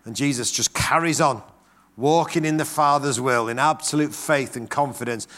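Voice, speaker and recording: In a mid-range voice at a normal speed, a middle-aged man gives a sermon built around stories. He narrates with energy and voices the characters' quotes himself.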